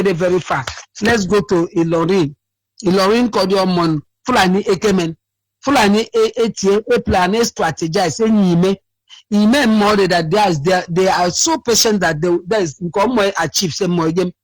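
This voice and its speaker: Sleepy caller, high dry voice, rambling, mixes in his dialect. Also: no echo, rough recording. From Akwa Ibom State, Nigeria. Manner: rambling, repeats himself, switches to his dialect. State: sleepy, cracking voice. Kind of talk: phone-in call to a radio show.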